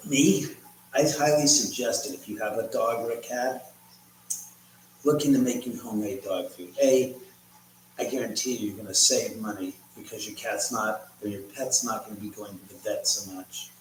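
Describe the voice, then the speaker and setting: A livestream host with a lowish voice and fairly even intonation chats at a moderate pace, rambling over viewer comments as he cooks in his home kitchen. He's recorded from far off in an echoey room, with faint ambience and slight background noise.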